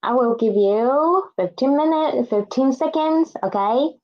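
A woman's voice: high-pitched, expressive, a little slow, dull audio. A woman teaching an online Chinese lesson, saying new words twice and asking learners to repeat after her.

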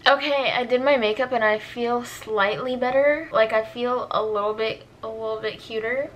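A woman's voice: on the high side, steady tone, moderate pace, music in the background. A young woman vlogging casually at home, dramatic and exasperated, mocking herself. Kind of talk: casual vlog. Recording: echoey room, camera a bit distant.

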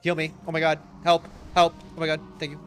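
Excitable, high-voiced streamer swearing through gameplay. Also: male voice, fast talker. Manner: excitable, laughing, heavy swearing, talks to chat. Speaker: game streamer. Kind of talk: live gameplay commentary.

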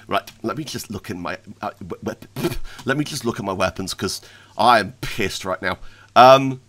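A man giving excitable, self-mocking commentary while playing a video game. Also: medium pitch. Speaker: gaming YouTuber. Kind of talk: let's play commentary.

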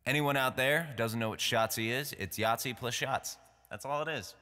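A man's voice: mid-range voice, normal speed, bright, forceful tone, big-room sound. A man with a New York accent hosting a live concert from home, chatting casually and joking loosely between songs. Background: acoustic guitar playing.

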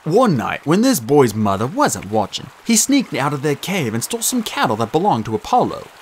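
A man narrating an audiobook in an expressive, lively way. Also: mid-range voice, moderate pace, a little hiss or hum.

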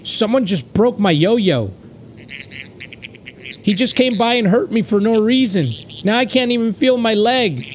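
A sulky, hurt caterpillar from a video game whines and complains, as a man reads its lines aloud. The voice is lively, with a slightly raised pitch. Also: a little slow, slight background noise. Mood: whiny.

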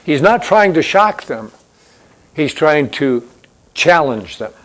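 A man's voice: fairly high pitch, big pitch swings, takes it slowly, fairly bright tone. A man preaching a sermon as pastor in a church, in a conversational storytelling way that repeats key points.

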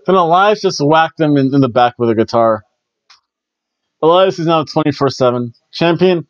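A man's voice: on the high side, lively intonation, moderate pace, dry recording, lo-fi sound. A man hosting a casual solo wrestling review, chatty and rambling, often stumbling and restarting his words. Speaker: wrestling show reviewer, host.

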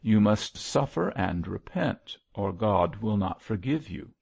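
A man doing an earnest pleading preacher, lifted higher, grave and preachy, husky tone, lo-fi sound. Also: animated, measured pace, darkish tone, full character voice. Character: fervent, earnest male lay preacher. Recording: muffled lo-fi recording.

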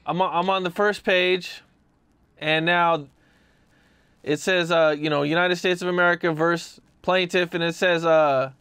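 A man hosting an interview, asking calm, brief questions. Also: fairly high pitch, a little slow, clean tone, no echo. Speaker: interview host.

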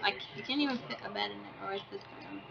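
A woman's voice: mid-range voice, fast talker, vocal fry. A woman hosting a gaming channel, chatting casually over gameplay and coaxing her pet in baby talk. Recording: dull lo-fi with game crowd noise.

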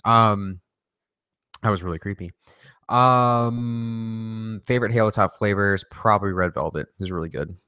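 A man with a somewhat low voice runs a casual livestream and fires off answers to viewer questions. He jokes, swears freely and rambles between answers. The sound is close and dry, with no room echo. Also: unhurried, pauses often, pushed and bright, clear, resonant tone. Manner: joking, profane, rambling. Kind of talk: casual rapid-fire Q&A livestream.

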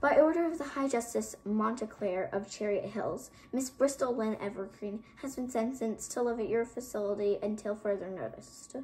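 A woman's voice: a little high, normal speed, few pauses, mellow, lightly acted, rough recording. A woman reading an audiobook, voicing a male guard who speaks in a formal, official manner. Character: male guard delivering a court order.

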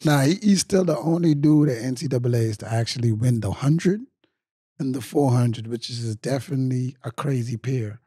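A man co-hosting a podcast, relaxed, adding side comments with a few hesitant restarts. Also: mid-range voice, normal speed, husky, no echo, clean studio sound. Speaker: podcast co-host. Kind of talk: casual chat.

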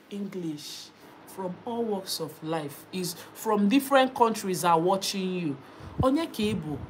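A young Nigerian woman hosting a casual live stream, lively, reading out viewer comments and mixing in Igbo and Pidgin. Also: medium pitch, a little hiss or hum. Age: young adult.

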